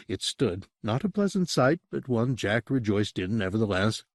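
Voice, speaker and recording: A man reading a horror audiobook as narrator, in an expressive storytelling manner. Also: on the low side, moderate pace, few pauses, dry recording, studio quality. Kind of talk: scripted narration.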